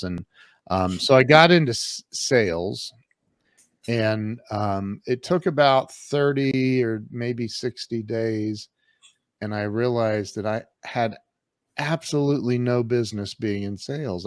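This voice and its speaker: In clean studio sound with no room echo, a man in his fifties speaks with a fairly low pitch and a slightly slow pace. As a podcast guest, he tells his life story candidly and emphatically, acting out past conversations in a casual interview.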